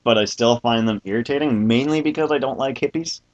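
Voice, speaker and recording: A man's voice: mid-range voice, fairly quick, muffled recording. A man hosting a podcast in casual chat, joking and self-mocking and laughing often. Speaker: podcast host.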